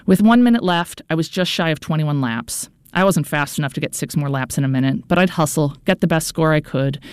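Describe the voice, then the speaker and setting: A woman's voice: low-pitched, a little mellow, dry recording, studio quality. A woman narrating a first-person audiobook in an earnest, anxious inner-monologue manner.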